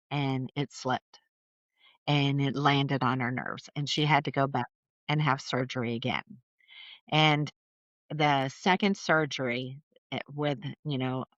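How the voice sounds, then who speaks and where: A middle-aged woman, a podcast guest, telling family stories in a chatty, animated way with lots of fillers. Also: extremely low pitch, no echo, muffled recording. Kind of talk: casual storytelling conversation.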